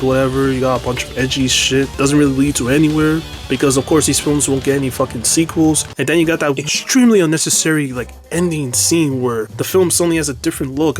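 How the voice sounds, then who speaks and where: A man rants his way through a film review in a casual, blunt voice. He swears freely and leans sarcastic, at an ordinary middle pitch. Soft music plays faintly behind him. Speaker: movie reviewer.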